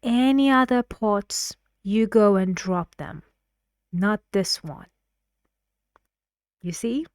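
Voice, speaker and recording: A woman explaining intonation in an English lesson, patient and clear, sometimes dropping to a whisper. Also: mid-range voice, lively intonation, slow, pauses often, dry recording, studio quality. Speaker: English teacher.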